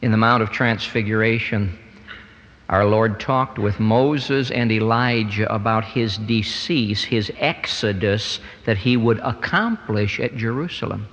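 A man preaching a sermon, swinging between quiet stretches and loud emphatic peaks. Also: a little slow, long reverb tail, highs cut off. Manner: dramatic swings in pitch and loudness, rising to emphatic peaks.

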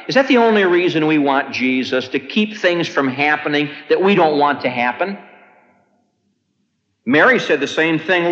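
A man preaching a sermon. He swings from ringing high peaks down to hushed low endings. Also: lively intonation, moderate pace, in a large hall, lo-fi sound. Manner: dramatic rises and hushed drops in delivery.

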